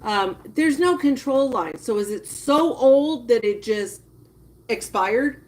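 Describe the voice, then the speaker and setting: A woman giving casual live-stream commentary, chatting with viewers and reacting with drawn-out disgust. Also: a little high, expressive. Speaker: livestreamer.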